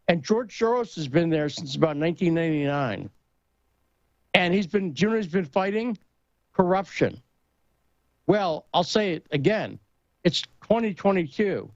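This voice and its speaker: A man in casual talk-show conversation, telling a story and joke with lively emphasis. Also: a little high, no room sound, highs cut off.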